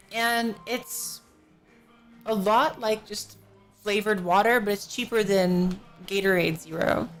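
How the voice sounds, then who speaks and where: Yawning and somewhat dazed, a drowsy woman live streamer rambles through casual chat at her home desk in a medium-pitched voice. Her professional-grade desk microphone also picks up faint music from a neighbor.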